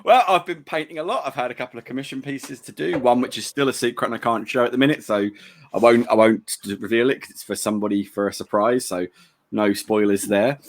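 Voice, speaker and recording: A man's voice: mid-range voice, fast. A young man co-hosting a podcast, rambling and easygoing, often stumbling over his words. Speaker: podcast co-host. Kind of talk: casual podcast chat.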